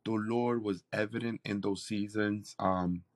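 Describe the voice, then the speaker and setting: A man, a campus pastor, telling a personal testimony in conversation, animated and acting out what others said. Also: on the low side, a little slow. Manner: animated storytelling, acts out quoted voices.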